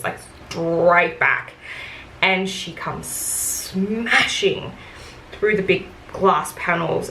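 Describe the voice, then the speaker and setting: Woman vlogger, chatty makeup-chair storyteller, vocal fry, roomy echo. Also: mid-range voice, fairly bright tone. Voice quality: chatty, full of "like" and "um" fillers. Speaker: beauty vlogger. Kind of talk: casual storytelling rant while doing makeup. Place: room at home, doing makeup. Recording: echoey room, faint background hiss.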